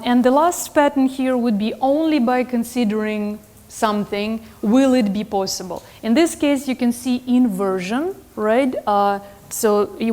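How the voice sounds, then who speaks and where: An instructor teaches a classroom lecture in an earnest way, with lots of "um"s and self-corrections. Her voice is medium in pitch with a darkish tone.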